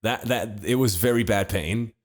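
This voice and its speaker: Deep-voiced man telling a wry story. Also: normal speed. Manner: deadpan, laid-back storytelling with wry asides. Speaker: podcast co-host. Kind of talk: casual comedic storytelling.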